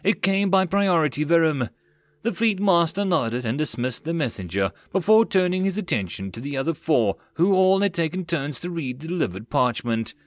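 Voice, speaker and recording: A man reading a web novel aloud as an audiobook narrator. His pitch moves a lot, and the recording is close and dry. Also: very animated, normal speed, hardly any pauses, dry recording.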